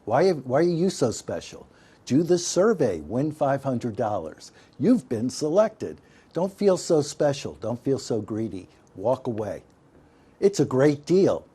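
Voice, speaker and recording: A man's voice: fairly low pitch, mellow, husky. A man giving an instructional talk on staying safe online, folksy and emphatic, often calling his listeners folks. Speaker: digital literacy instructor.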